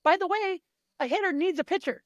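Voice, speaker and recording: A woman's voice: very high voice, a little fast, no room sound, lo-fi sound. A middle-aged woman coach talking in a casual interview, emphatic and blunt, swearing freely. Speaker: mental performance coach.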